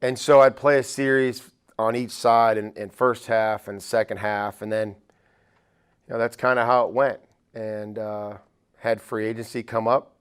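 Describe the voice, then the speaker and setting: A middle-aged man with a somewhat low voice tells stories in a relaxed, rambling way, full of casual fillers. He is a football coach who is a guest on a podcast interview. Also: a little slow, smooth. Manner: relaxed, rambling anecdotes with many "you know" fillers.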